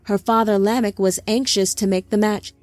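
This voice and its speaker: A woman voicing a remorseful male angelic being who speaks formally and gently. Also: mid-range voice, fairly even intonation, dry recording, soft background music, natural voice. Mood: solemn. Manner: formal, measured.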